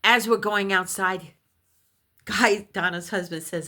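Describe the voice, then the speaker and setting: A woman recounting a personal paranormal experience, animated and halting, with many restarts when shaken. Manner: animated storytelling, acts out others' voices in high shrieks. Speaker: storyteller.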